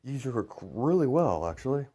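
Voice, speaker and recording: A man's voice: mid-range voice, very animated, moderate pace, warm tone, husky, voice pushed up. A man voicing a big, hearty adult male hero, polite and formal. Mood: grateful.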